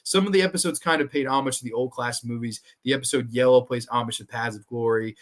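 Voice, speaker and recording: Man, New York accent, podcast host, casual review, excitable, curses freely, mid pitch. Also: fast talker. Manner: animated, swearing, acts out quoted lines.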